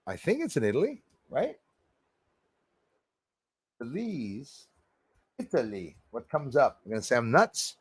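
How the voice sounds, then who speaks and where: A man's voice: mid-range voice, wildly swooping pitch, a little slow, long pauses, husky, dry recording. A man hosting a casual livestream, reading comments aloud, laughing and poking fun at himself. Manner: laughing, self-deprecating, chatty. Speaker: livestream host reading chat.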